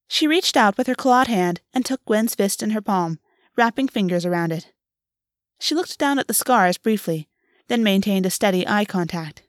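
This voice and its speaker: A woman reading a fantasy story aloud with even, steady storytelling. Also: mid-range voice, normal speed, dry recording, studio quality. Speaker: audiobook narrator. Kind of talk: fiction read-aloud.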